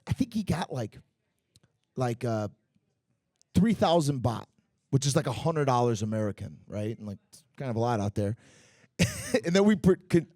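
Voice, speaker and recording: With a mid-range voice and studio-quality, echo-free sound, a male Muay Thai fighter swaps stories in a laid-back podcast interview at a bar and grill. He is animated and crude, leaning heavily on filler words.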